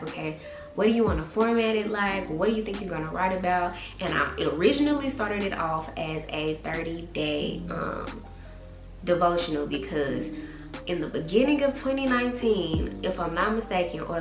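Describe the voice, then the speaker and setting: A woman in her twenties telling a personal story to her camera in a casual, animated vlog style. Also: on the low side. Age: 20s. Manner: animated, quotes others in voices, chatty. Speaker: vlogger and author. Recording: echoey room with background music.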